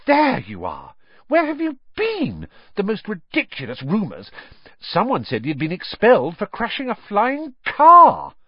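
A man's voice: medium pitch, wildly swooping pitch, measured pace, few pauses, slightly rough, no echo, lo-fi sound, pitched above the performer's own voice, heavily acted. A man voicing a bossy, clever schoolgirl who scolds her friends in a storybook reading. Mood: scolding.

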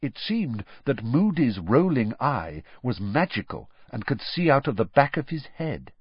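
Expressive husky-voiced male storyteller. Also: medium pitch, measured pace, no room sound. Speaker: audiobook narrator. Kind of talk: storybook narration. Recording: dull, dry close-mic recording.

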